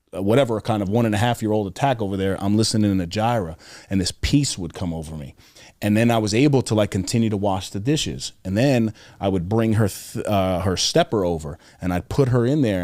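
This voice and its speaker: A young man talks earnestly as a podcast guest. His voice sits somewhat low, and the sound is close and dry. He tells stories in a loose, conversational way, often pausing on fillers and restarting his sentences. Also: a little mellow, no room sound. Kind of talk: casual interview conversation.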